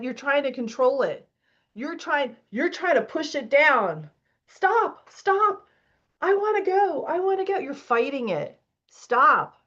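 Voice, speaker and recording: A woman's voice: sits high, fairly bright tone, highs cut off. A woman as a spiritual coach leading a live online masterclass, reading out participants' comments and urging them on emphatically.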